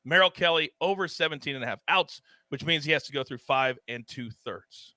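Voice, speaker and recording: A man hosting a sports betting show, animated and theatrical, swinging his voice up and down for emphasis. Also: fairly quick, no room sound, studio quality. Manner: animated and theatrical, big swings in pitch and volume. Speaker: host.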